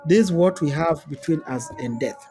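A man with a Kenyan accent, a guest telling stories in an interview, animated and often repeating words and laughing. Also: a little high, moderate pace. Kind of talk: storytelling in conversation.

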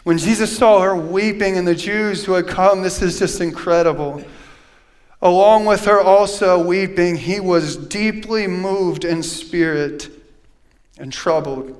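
High-voiced man preaching a sermon. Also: measured pace. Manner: reads scripture aloud, swings from loud preaching to hushed. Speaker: pastor. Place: church.

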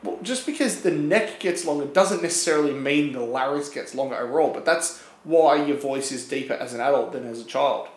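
A man's voice: a little high, a little fast, few pauses, reverberant, low-quality recording. A man co-hosting a podcast, chatting casually through a quiz with rambling, joking explanations. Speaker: podcast co-host.

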